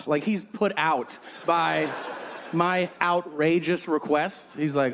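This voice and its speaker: A middle-aged man doing stand-up comedy, telling a story and acting out the other people's lines in quick put-on voices. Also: a little high, big-room sound. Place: comedy stage before a live audience. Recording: stage recording with audience noise.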